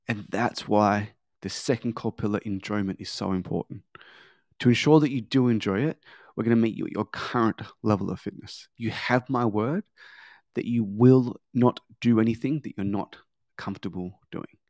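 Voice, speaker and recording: A man's voice: fairly low pitch, moderate pace, a little mellow, dry recording, clean studio sound. A man teaching sales, speaking conversationally with frequent filler words and acting out scripted lines. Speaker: sales trainer. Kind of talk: sales training with role-play.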